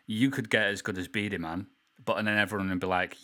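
A man's voice: lowish voice, fairly even intonation, fast, sharp tone. A man hosting a podcast, laid-back, swearing casually and saying "yeah" and "you know" a lot. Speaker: podcast host.

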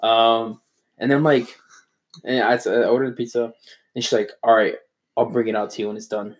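A man's voice: medium pitch, fairly even intonation, fairly quick. A man telling a long, rambling story among friends, swearing a lot and mocking himself. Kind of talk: casual chat.

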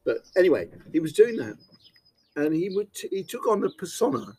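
A man's voice: on the high side, very animated, brisk, warm tone, a little hiss or hum, poor audio. A man interviewed in a casual chat, telling a rambling anecdote and chuckling often.

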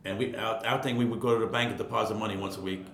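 A man's voice: fairly even intonation, rapid-fire, fairly bright tone. Rambling older New man. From Queens, New York. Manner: rambling, repeats words, laughs often. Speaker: guest, retired ironworker. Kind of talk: casual storytelling. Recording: echoey room, faint rumble.

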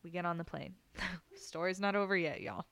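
A woman's voice: lowish voice, normal speed, fairly bright tone, dry recording. A young woman hosting a podcast, animatedly telling a personal story, often laughing and swearing freely. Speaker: podcast host.

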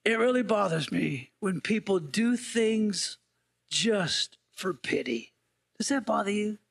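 A man's voice: high-pitched, animated, slow pace, gravelly, a bit bright, husky. A male interim pastor preaching a sermon in a conversational way, often asking the congregation playful questions.

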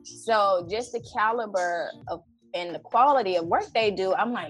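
A woman in her thirties telling a personal story in casual conversation, animated and acting out her own prayers with lots of "you know". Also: mid-range voice, moderate pace, husky, soft background music. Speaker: event organizer and guest.

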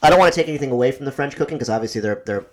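A man's voice: medium pitch, expressive, racing. A man co-hosting a podcast in casual chat, offering firm opinions and friendly jokes. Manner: opinionated, joking. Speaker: podcast co-host.

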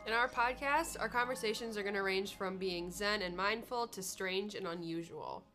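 A young woman co-hosts a casual podcast with her best friend. She teases, jokes and laughs often, speaking at a mid pitch. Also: normal speed, hardly any pauses, bright, forceful tone, faint music behind. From northern Minnesota. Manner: goofy, teasing, laughs often. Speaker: podcast co-host. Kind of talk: casual chat.

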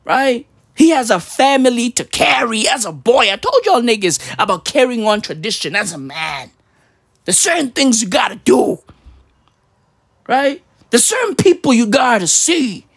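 A man ranting casually, rambling in heavy slang with mock patois words, swinging between loud outbursts and low mutters. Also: big pitch swings, normal speed, breathy edge, no echo, clean studio sound. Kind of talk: casual profane rant.

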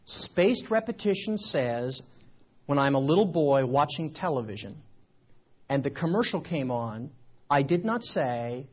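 A man from the United States giving an animated seminar talk to a live audience, with repeated phrases and rhetorical questions. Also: on the high side, measured pace, breathy edge, highs cut off. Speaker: seminar speaker. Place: event room with a live audience.

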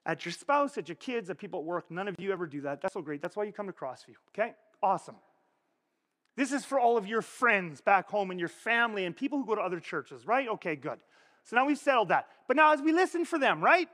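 A man preaching a sermon as pastor, animated and conversational, asking the congregation frequent rhetorical questions. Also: high voice, fast talker. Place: church. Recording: long reverb of a church hall.

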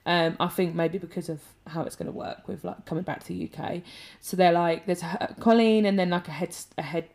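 A woman, co-hosting a podcast and telling stories in a lively, chatty way, laughing as she goes. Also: lowish voice, fairly quick, creaky. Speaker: podcast co-host. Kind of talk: casual chat, animated storytelling.

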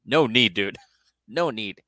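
A man's voice: fairly low pitch, lively intonation, takes it slowly, sharp tone, no echo, clean studio sound. A man co-hosting a casual podcast, retelling a story with lots of acted-out quotes and casual swearing. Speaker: podcast co-host. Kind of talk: casual chat, retelling a show.

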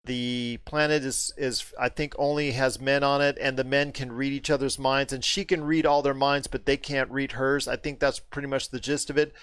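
A man hosting a casual movie chat, getting animated and rising in pitch when something puzzles him. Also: normal speed, hardly any pauses, clear, resonant tone, no room sound. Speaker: podcast host.

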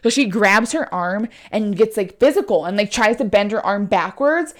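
A woman's voice: mid-range voice, moderate pace. A young woman casually telling a story on a chat show, swearing often, saying "like" a lot and acting out what others said. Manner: profane, fillers of "like", lively quoting.

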